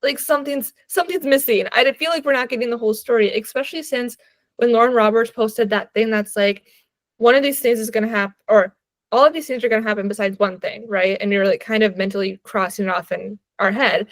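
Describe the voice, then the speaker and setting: A woman's voice: on the high side, quick pace, no room sound. Upbeat young woman gushing about a book. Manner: animated, laughing, many "like"s. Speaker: podcast co-host. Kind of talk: casual book chat.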